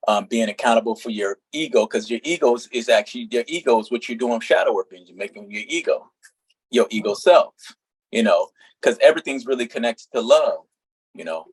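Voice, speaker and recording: Young man, husky voice, dry close sound, earnest rambling talk. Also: mid-range voice, no echo, poor audio. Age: young adult. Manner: earnest, rambling spiritual explanations. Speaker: guest. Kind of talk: casual online panel chat.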